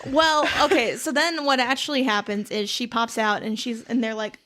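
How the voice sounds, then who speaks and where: A woman's voice: a little high, moderate pace. A young woman hosting a podcast, chatting casually and acting out lines from a show. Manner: animated, acts out quotes from the show. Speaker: podcast host. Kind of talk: casual chat.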